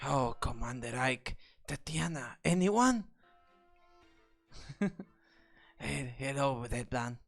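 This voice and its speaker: A woman's voice: very deep voice, lively intonation, takes it slowly, gravelly, long pauses, faint music behind. A woman streamer chatting playfully and giggling on a live stream. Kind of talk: casual live-stream chat.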